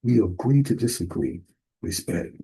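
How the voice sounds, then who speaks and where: Gravelly, husky man. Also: sits low, big pitch swings, normal speed, warm tone, poor audio. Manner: emphatic, rising to bursts of force. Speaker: minister. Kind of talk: preaching sermon.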